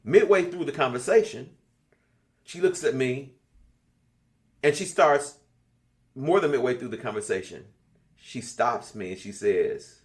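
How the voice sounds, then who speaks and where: A man's voice: mid-range voice, measured pace, pauses often. Profane older man telling stories. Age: 60s. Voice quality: blunt, profane, storytelling. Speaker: class leader. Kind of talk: casual spiritual talk to an online class.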